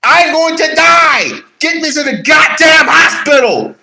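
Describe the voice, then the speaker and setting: A man voicing a panicking, badly injured man who shouts that he is dying and must get to the hospital. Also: very high voice, big pitch swings, a little slow, vocal fry, pitched above the performer's own voice, full character voice. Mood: panicked. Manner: frantic, shouting.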